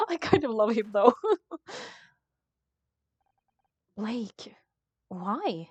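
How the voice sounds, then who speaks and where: A woman's voice: mid-range voice, sing-song, slow pace, long pauses, a little mellow, slightly rough, no room sound, faint music behind. A young woman streaming a game, talking casually to her viewers in a chatty, giggly way. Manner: chatty, giggly, self-mocking. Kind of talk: casual gameplay commentary.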